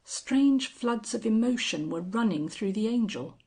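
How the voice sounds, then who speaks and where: A woman narrating a classic tale in a measured reading voice. Her delivery is slow, and her tone is soft and breathy. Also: fairly high pitch, lively intonation. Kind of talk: scripted storybook narration.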